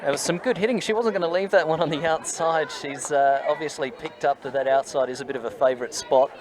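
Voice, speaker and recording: A man's voice: a little high, quick pace. Enthusiastic Australian colour commentator, man. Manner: enthusiastic, analytical. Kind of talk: live sports commentary. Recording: outdoor broadcast with crowd and ambient noise.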